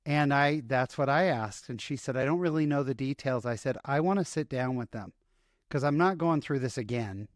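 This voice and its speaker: A man's voice: mid-range voice, no room sound, clean studio sound. Earnest middle-aged man telling his story. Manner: earnest, emotional, many restarts. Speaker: interview guest. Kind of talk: personal storytelling in an interview.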